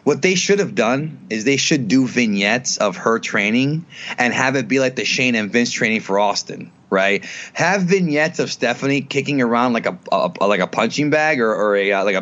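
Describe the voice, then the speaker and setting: A man co-hosting a casual wrestling podcast, animatedly pitching booking ideas with many restarts. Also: fairly bright tone, dull audio. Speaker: podcast co-host.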